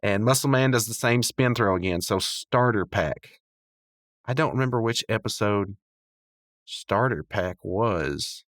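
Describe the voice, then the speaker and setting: A man's voice: on the low side, expressive, unhurried, fairly bright tone, no echo, studio quality. A man hosting a podcast, recapping a cartoon episode in a loose, rambling way, full of fillers and little chuckles. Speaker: podcast host.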